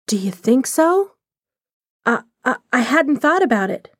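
A woman's voice: high voice, sing-song, a little slow, slightly rough, no room sound, clean studio sound, exaggerated voice. A woman voicing an impulsive wealthy young wife who talks in an eager, breathless way.

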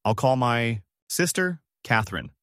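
A man's voice: medium pitch, very animated, unhurried, a bit bright, clear, resonant tone, no room sound, clean studio sound. A man voicing a confident woman in her mid-thirties who speaks eagerly and makes demands.

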